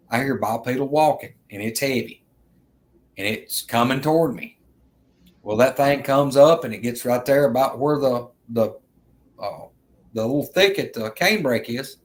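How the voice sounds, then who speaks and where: Rambling storyteller man. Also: mid-range voice. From Alabama, US. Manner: earnest, rambling, repeats himself, addresses viewers as guys. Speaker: vlogger telling an encounter. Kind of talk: casual storytelling.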